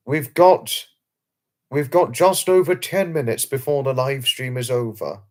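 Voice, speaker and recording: A man's voice: mid-range voice, a little slow. A British man hosting a late-night livestream, reading out viewer comments and answering them in a chatty, repetitive, emphatic way. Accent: British English. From England. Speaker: livestream host.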